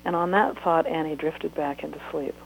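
A woman author reading a chapter of her book aloud in steady, unhurried narration. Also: deep voice, vocal fry, slight background noise, low-quality recording.

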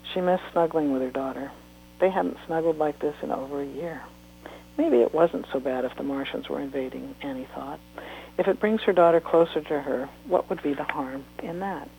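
Woman author, reading aloud, steady, unhurried, faint hum. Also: sits low, gravelly, muffled recording. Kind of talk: reading a book excerpt aloud.

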